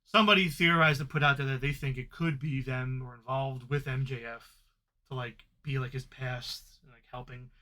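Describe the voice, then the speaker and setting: A man's voice: medium pitch, steady tone, normal speed, pushed and bright. A man co-hosting a casual wrestling chat, rambling and hedging as he floats fan theories. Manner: rambling, hedging, laughs often. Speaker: podcast co-host.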